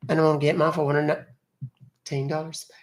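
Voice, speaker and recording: A man's voice: a little high, little pitch movement, fast, pitched above the performer's own voice, close to an everyday voice. A man voicing a fussy older lady on a phone call, sassy and talking down to the caller as "honey". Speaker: scambaiter. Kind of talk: prank call role-play.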